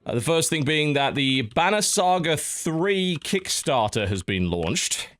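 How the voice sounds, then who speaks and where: This podcast host tells stories in an unhurried casual chat, his high-side, fairly bright voice swinging widely in pitch. He talks chattily and keeps restarting as he goes.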